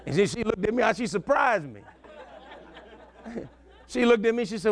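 A man's voice: extremely high pitch, lively intonation, normal speed, long pauses. A male pastor, preaching a sermon in a folksy call-and-response style and telling stories from his own life.

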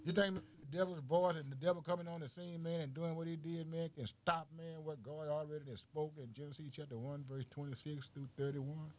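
In an informal sermon, a man fires off rhetorical questions, calls the listener man, boy and baby, and laughs between phrases as his volume swings from loud to soft. His voice is fairly high with a steady tone. He talks a little fast and hardly pauses.

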